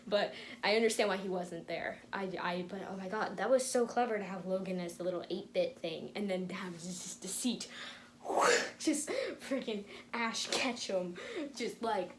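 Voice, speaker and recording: A young woman reacting to an episode on her home vlog, gushing and excitable with frequent laughter and sudden whispers. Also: medium pitch, normal speed. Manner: gushing, breathless, laughing often, drops into whispers. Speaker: reaction video host. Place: home room with tripod camera. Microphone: camera on tripod.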